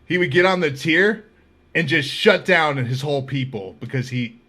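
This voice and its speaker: A man hosting a podcast, telling stories in a casual, animated way and laughing often. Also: a little high, moderate pace. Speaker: podcast host. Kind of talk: casual storytelling.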